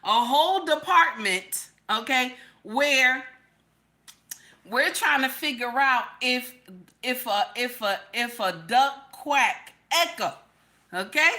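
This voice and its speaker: A woman reacting on a livestream in animated, exclamatory talk, repeating "okay?" often. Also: high-pitched, slow pace. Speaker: livestream host. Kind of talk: casual reaction commentary.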